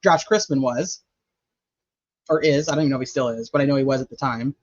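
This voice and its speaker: A man with a mid-range voice talks fast as he hosts a true crime channel, rambling through his notes in chatty livestream fashion and thinking aloud while checking them. There's no echo, and the audio is dull.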